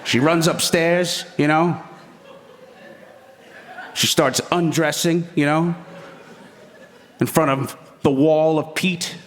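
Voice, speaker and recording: A man's voice: fairly high pitch, steady tone, slow, pauses often, long reverb tail. A man doing stand-up storytelling on stage in a crude, rambling, profane way. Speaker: stand-up comedian. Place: comedy stage before an audience.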